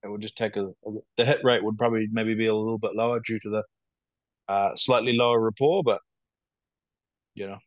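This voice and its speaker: A man with a New Zealand accent, a guest on a podcast, speaking over a video call in a calm, measured, matter-of-fact way. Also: lowish voice, dry recording. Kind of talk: casual interview chat. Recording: dull dry video call audio.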